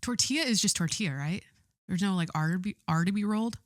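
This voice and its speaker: A woman's voice: medium pitch, fast, bright, forceful tone, no echo, clean studio sound. A young woman hosting her own podcast, rambling and giggling through a casual monologue and swearing freely. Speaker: podcast host.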